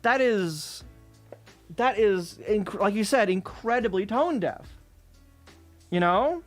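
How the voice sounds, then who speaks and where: A man chats casually on a livestream and rants with plenty of swearing. His voice sits a little high and swings widely in pitch as he tells his story. Faint music plays underneath. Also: lively intonation, unhurried. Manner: profane, ranting, exasperated storytelling. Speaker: streamer. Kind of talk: casual chat with chat while working.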